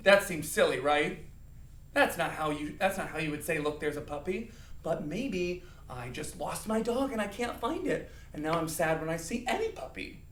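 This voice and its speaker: A man's voice: fairly high pitch, lively intonation, moderate pace, a bit bright, distant mic, slight background noise. A man teaching an acting lesson to young children, playfully acting out emotions and counting along. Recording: echoey room, voice a bit off-mic.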